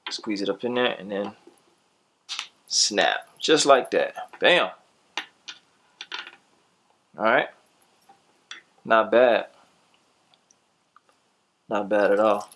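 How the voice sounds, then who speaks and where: A man casually reviewing a gadget for his vlog, talking to viewers in a laid-back, slangy way and signing off in a louder, upbeat tone. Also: fairly low pitch, drawn-out words, long pauses, a little hiss or hum.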